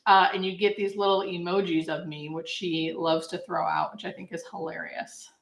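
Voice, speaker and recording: A woman's voice: fairly low pitch, flat delivery, normal speed, vocal fry, roomy sound. A woman from Southern California, a hospice nurse, chatting upbeat on a live-stream Q&A and answering viewers' questions. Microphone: camera mic.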